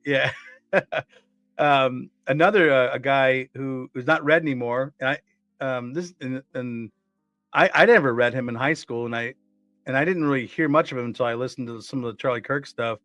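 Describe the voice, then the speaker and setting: A man co-hosting a casual podcast chat who rambles, restarts and fills his sentences as he goes. His voice sits at an ordinary middle pitch and sounds close and dry. Faint music plays underneath. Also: normal speed, a bit bright, no room sound. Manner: rambling, many restarts and fillers. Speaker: co-host.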